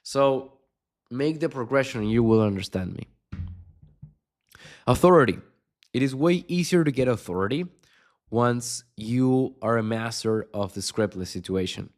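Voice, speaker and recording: A man's voice: medium pitch, measured pace, pauses often. A man coaching on sales in an unscripted video lesson, blunt and swearing constantly, with punchy emphatic delivery.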